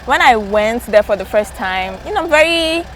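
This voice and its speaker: A woman's voice: fairly high pitch, lively intonation, normal speed, soft background music. A young woman with a Ghanaian English accent, chatting casually and self-mockingly as an interview guest, recorded outdoors by a road.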